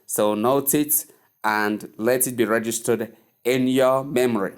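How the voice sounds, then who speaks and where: A man gives an English pronunciation lesson at a very slow, deliberate pace. His voice sits in an ordinary middle pitch. He repeats each word several times so listeners can say it back with him. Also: fairly even intonation, slight background noise. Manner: slow and deliberate, repeating words for learners to echo.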